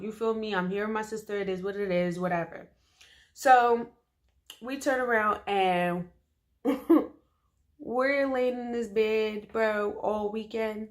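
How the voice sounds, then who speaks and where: A woman's voice: on the high side, normal speed. Emphatic woman telling a story. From Philadelphia, USA. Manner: emphatic and slangy, with frequent "okay?" asides to listeners. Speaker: storytime vlogger. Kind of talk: casual storytelling to camera.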